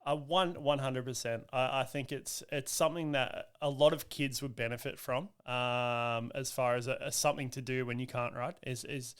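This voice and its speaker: Man, podcast guest: smooth, clear voice, lively storyteller. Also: medium pitch, normal speed, hardly any pauses. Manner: lively, acts out quoted voices, frequent restarts. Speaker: guest, motocross riding coach. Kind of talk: casual storytelling in a podcast chat.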